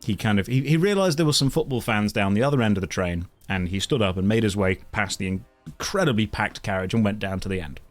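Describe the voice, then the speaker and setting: Dry self-mocking streamer. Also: male voice, lowish voice, expressive, fast talker, faint music behind. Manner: dry, self-mocking storytelling with many restarts. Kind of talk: casual anecdote on a live stream.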